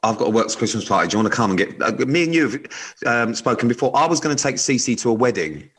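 A man's voice: mid-range voice, lively intonation, fast, fairly bright tone. A man co-hosting a podcast, rambling through advice in casual chat, swearing freely and restarting his sentences. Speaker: podcast co-host.

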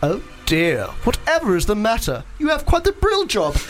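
A man's voice: sits high, huge pitch swings, normal speed, faint music behind, pitched above the performer's own voice. A man doing the jolly, old-fashioned Sun. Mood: cheery teasing. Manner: old-fashioned, mock-grand phrasing. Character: jolly archaic-talking male sun.

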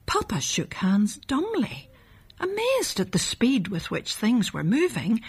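Woman reading a kids' story, breathy soft voice, swoops up and down a lot. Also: medium pitch. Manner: gentle, lively voices for each character. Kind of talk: storybook read-aloud.

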